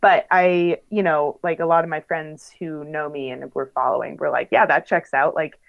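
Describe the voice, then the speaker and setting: A woman's voice: sits low, steady tone, normal speed, creaky, dull audio. A young woman, a professional bike racer, chatting casually in an interview with lots of fillers and laughs. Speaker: pro bike racer guest.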